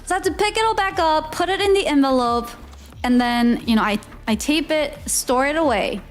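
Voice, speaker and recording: A woman streamer telling a story casually, animated and giggly, acting out the people in it. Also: high-pitched, a little fast, faint music behind.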